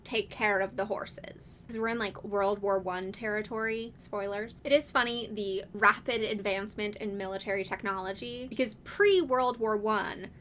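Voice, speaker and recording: A woman's voice: mid-range voice, fairly even intonation, moderate pace, hardly any pauses, fairly bright tone, slight background noise. A woman hosting a casual video essay, talking in a chatty, wry way with lots of casual fillers.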